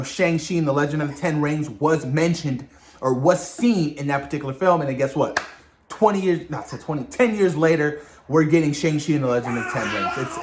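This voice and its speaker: A man hosting a casual spoiler discussion of a TV episode, talking excitedly in slang straight to his viewers. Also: on the high side, a little hiss or hum. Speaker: video host reviewing a TV episode.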